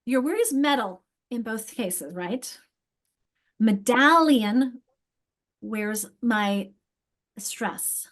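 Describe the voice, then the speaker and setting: A woman instructor teaching other teachers, thinking aloud and sounding out words slowly, repeating each one. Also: mid-range voice, expressive. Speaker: literacy instructor.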